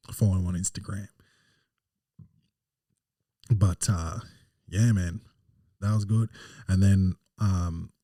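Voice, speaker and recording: A man's voice: sits low, dark tone, husky, dry recording, studio quality, far from the mic. A man, a stand-up comedian hosting his podcast alone, telling self-deprecating stories in a casual, rambling way. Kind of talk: casual solo podcast monologue.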